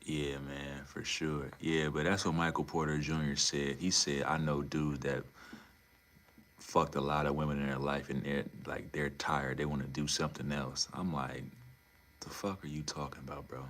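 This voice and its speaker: A young man chatting casually on a livestream, animated and profane, swinging between low mutters and loud incredulous outbursts. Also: moderate pace, a little hiss or hum.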